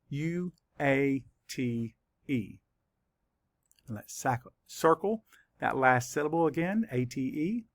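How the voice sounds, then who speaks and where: A man teaching a spelling lesson to children, saying words slowly and spelling them out letter by letter. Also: medium pitch, vocal fry, no echo. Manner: slow, careful letter-by-letter spelling.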